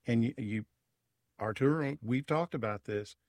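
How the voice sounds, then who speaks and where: A man's voice: mid-range voice, unhurried, darkish tone, no room sound, studio quality. A man who is a writer and journalist, talking conversationally as a guest on a radio talk show. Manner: conversational, with frequent "you know" fillers.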